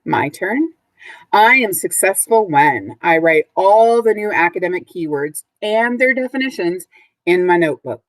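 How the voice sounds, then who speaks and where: A low-pitched woman teacher walks young children through new vocabulary words in a patient, clear way. She repeats each word slowly and has the class say it back after her. The sound is close and dry, like a video recorded in a quiet room at home. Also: expressive, dry recording, rough recording. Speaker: third grade teacher.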